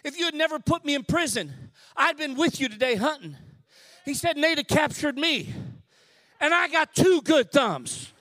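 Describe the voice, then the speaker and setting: A male preacher with a strikingly high voice, recorded close and dry with no room sound. He preaches by turns in a hushed storytelling tone and in shouted, stretched-out lines. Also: sing-song, no echo. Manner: builds to shouted, drawn-out climaxes. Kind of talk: sermon.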